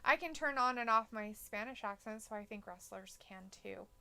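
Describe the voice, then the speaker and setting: A woman co-hosts a casual live stream, reading viewer comments aloud and reacting bluntly, swearing freely. Her voice is bright and crisp, and it sits a little high. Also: normal speed. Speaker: co-host reading chat.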